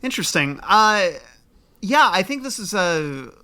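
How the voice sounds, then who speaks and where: A man's voice: high voice, very animated, unhurried, pushed and bright, clear, resonant tone. A man hosting a book podcast in casual chat, rambling a little as he introduces segments. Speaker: podcast host.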